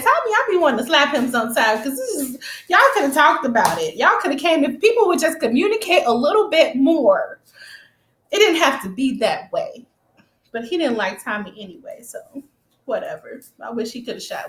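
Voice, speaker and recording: A woman's voice: high-pitched, brisk, echoey room. A woman recapping a TV episode in casual, slangy chat, speaking straight to her viewers and acting out scenes with sound effects. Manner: animated storytelling with sound effects and laughter.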